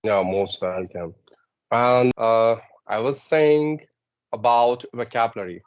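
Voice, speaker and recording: A man's voice: medium pitch, slow, muffled recording. A man, a podcast guest explaining pronunciation tips step by step, with frequent "uh"s and "right?" checks. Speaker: guest giving English tips. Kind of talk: instructive podcast chat.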